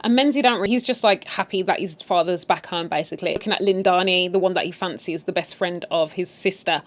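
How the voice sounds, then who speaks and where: A woman's voice: lowish voice, brisk. A woman casually recapping a TV series, with sassy, opinionated asides. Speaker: recap host. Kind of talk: casual story recap with commentary.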